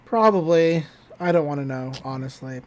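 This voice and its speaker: A woman's voice: low-pitched, normal speed. A woman co-hosting a podcast, animatedly recapping a cartoon episode and acting out the characters' lines. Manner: animated retelling, acting out lines, laughing often. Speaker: podcast co-host. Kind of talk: casual recap chat.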